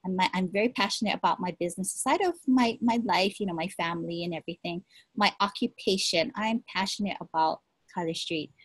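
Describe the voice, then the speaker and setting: A woman giving an energetic, encouraging motivational talk as a sales team leader, repeating her points, recorded at her desk. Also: lowish voice, fairly quick, husky, dry recording. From Hawaii.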